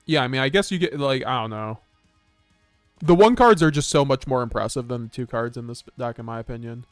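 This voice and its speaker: A man's voice: mid-range voice, fairly quick, no echo, soft background music. Rambling casual male card game streamer. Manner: rambling, casual, frequent restarts and chuckles. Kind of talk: live-stream gameplay commentary.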